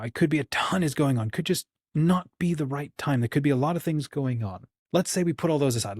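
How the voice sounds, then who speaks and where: Husky and darkish at a medium pitch, the voice belongs to a U.S. man running a casual livestream on his channel. Recorded dry with studio quality, he rambles warmly, cheers viewers on, and voices the people in the brief exchanges he quotes.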